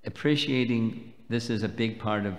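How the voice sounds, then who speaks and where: A low-voiced man delivers a measured devotional lecture, pausing to explain each point. His voice rings out with a long reverb that fills the temple hall. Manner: measured, explanatory, slow and deliberate. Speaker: swami lecturing at a festival.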